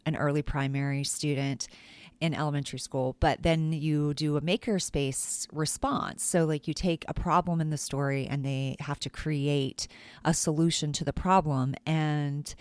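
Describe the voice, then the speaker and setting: Low-voiced chatty woman telling school stories. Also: normal speed, clear, resonant tone, dry recording. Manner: animated, chatty, full of "like" and acted-out quotes. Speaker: teacher and podcast host. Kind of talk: casual podcast storytelling.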